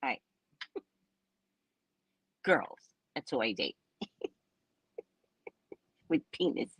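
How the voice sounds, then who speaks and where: A woman tells a story in a loose, casual chat, her husky voice swinging up and down with lively energy. She is blunt and profane and laughs often. The sound is dry and close, with no room echo. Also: extremely low pitch, very slow. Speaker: psychic reader and live-stream host.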